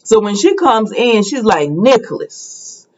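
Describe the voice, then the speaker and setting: A woman's voice: lowish voice, animated, normal speed, background noise. Woman, casual recap chat, gossipy and rambling, slightly dull lo-fi sound. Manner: chatty, gossipy retelling, lots of fillers. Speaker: soap opera recap host.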